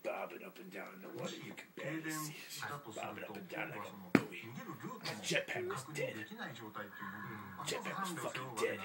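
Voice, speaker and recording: A young man improvising a loud, profane navy hero who brags through his tall tales and breaks into laughter. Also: medium pitch, big pitch swings, normal speed, very noisy, natural voice. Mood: boastful. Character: brash boastful male navy hero telling tall tales. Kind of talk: improvised comic monologue.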